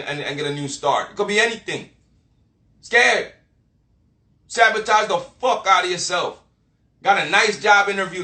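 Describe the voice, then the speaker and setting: Blunt, swearing man ranting in echo. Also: sits high. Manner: blunt, forceful, heavy swearing and street slang; preachy, lecturing the listener directly. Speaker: motivational vlogger. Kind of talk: profane motivational rant. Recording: echoey room.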